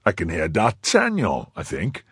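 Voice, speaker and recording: A man voicing a calm, jeering nobleman who speaks slowly and grimly, in an audiobook. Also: low voice, breathy edge, no echo, clean studio sound, heavily acted.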